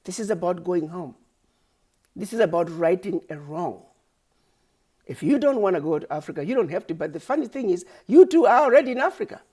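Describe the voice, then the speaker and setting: A woman's voice: lowish voice, lively intonation, brisk, long pauses, dark tone, slightly rough. A woman giving an impassioned, preachy address straight to her audience, firing rhetorical questions and repeated refrains. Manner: preachy, accusatory, rhetorical, repetitive. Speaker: activist speaker. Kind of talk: impassioned direct-to-camera address.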